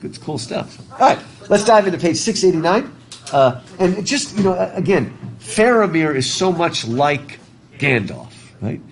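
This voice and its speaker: A man's voice: on the high side, sing-song, moderate pace, rough recording. A male literature teacher talking casually and ramblingly to his class, laughing easily. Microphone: masked, recording his own class.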